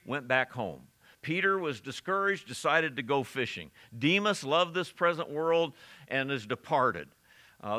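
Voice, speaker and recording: A middle-aged man delivering a sermon, his pitch swinging widely as he presses each point home. His tone is bright and forceful, and he sometimes stops to correct a word before pushing on. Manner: earnest preaching, rising to emphatic peaks, occasional self-corrections. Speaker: preacher.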